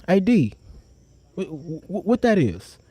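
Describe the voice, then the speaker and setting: A man putting on the voice of a friendly young woman in a story, raising his voice higher than his own. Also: very animated, takes it slowly, warm tone, breathy edge, no echo, heavily acted. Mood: breezy. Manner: high, breezy put-on voice.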